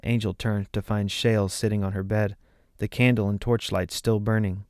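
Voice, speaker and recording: A man narrating a fantasy story as an audiobook in a measured, steady way. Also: lowish voice, no room sound, studio quality.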